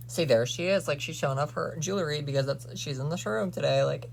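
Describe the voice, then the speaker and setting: A man's voice: a little high, quick pace, creaky, hardly any pauses, slight background noise. A young man venting to camera in a sassy, profane, ranting way, as a vlogger. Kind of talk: casual rant to camera.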